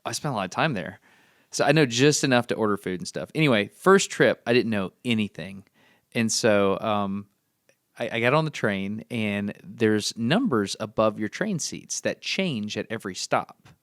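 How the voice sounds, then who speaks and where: A man's voice: lowish voice, animated, normal speed, fairly bright tone, dry recording, clean studio sound. An American man co-hosting a podcast, telling stories in a casual chat and laughing often. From United States. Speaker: podcast co-host.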